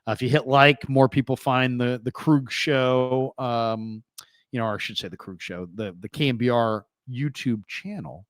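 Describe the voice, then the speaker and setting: A man's voice: medium pitch, moderate pace, fairly bright tone, no room sound. Guy doing a sports talk show, chatty and wry, laughs at his own bits, dead dry studio sound. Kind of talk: casual sports talk monologue.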